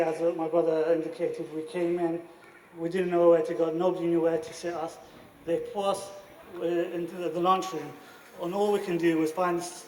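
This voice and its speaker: A man's voice: on the high side, slight background noise. A man, a former student, reminiscing plainly about his school days in an anniversary speech. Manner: warm, plain reminiscing with religious greetings. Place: school event hall. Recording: echoey hall, speaker far from mic.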